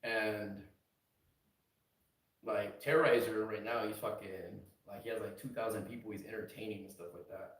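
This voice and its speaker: A man's voice: lowish voice, fairly even intonation, normal speed, roomy sound, far from the mic, poor audio. A young man streaming late at night from a house, rambling casually and swearing in a laid-back way.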